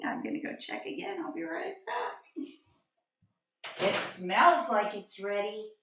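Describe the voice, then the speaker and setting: A woman with a bright, clear, higher voice leads a children's cooking lesson at an unhurried pace, gentle and encouraging as she talks straight to the kids. She is recorded in an echoey kitchen with slightly dull, lo-fi sound. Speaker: preschool teacher.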